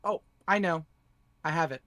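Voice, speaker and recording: A man's voice: fairly high pitch, moderate pace, sharp tone, no echo. A man ranting profanely on a livestream panel, sneering and mocking the person he is angry at. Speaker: tech streamer on a panel. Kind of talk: livestream rant.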